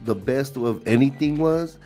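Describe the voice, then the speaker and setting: A man's voice: mid-range voice, unhurried, warm tone, soft background music. A man co-hosting a sports podcast, talking in a fired-up, joking way with some swearing. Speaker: podcast co-host. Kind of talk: casual sports chat.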